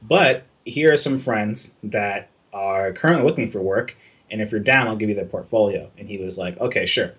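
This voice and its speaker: A man's voice: on the low side, normal speed, a bit bright, slightly rough. A young man from Southern California telling a casual, profane story as a guest in an interview. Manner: casual, profane, acts out quoted dialogue in his telling. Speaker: guest concept artist.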